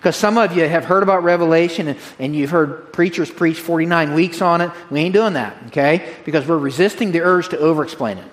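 A male pastor preaching to his congregation with energy and a folksy, conversational touch. His voice sits a little higher than most men's, and he circles back to drive his main points home. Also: a little fast, hardly any pauses. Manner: energetic, direct, repeats key phrases to a congregation. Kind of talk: sermon.

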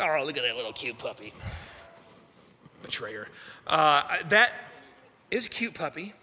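A young man, a youth pastor, telling a funny personal story in a sermon with animated, self-mocking delivery. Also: a little high, breathy edge. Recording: echoey hall reverb.

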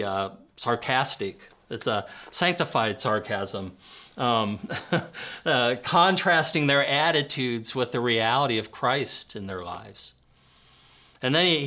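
Bright-voiced man preaching a sermon. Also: medium pitch. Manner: earnest, with light humor and vivid storytelling. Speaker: pastor.

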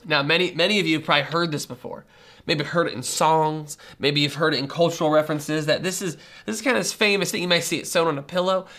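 Bright, high-pitched male preacher. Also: fast. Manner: animated, conversational preaching. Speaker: pastor. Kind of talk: sermon.

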